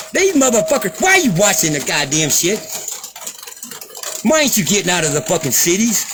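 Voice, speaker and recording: A man with a drawl rants on his channel, profane and sarcastic, his voice pitched high and swinging wildly up and down. Music plays clearly behind him. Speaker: vlogger. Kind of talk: angry ranting commentary.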